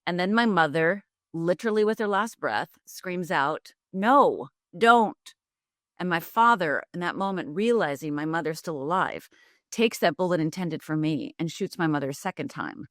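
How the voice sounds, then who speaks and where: Low-voiced woman telling her life story. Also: normal speed, fairly bright tone, no room sound, studio quality. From Upper Michigan, USA. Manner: vivid, dramatic retelling with acted-out quotes. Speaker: guest, life coach. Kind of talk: candid storytelling interview.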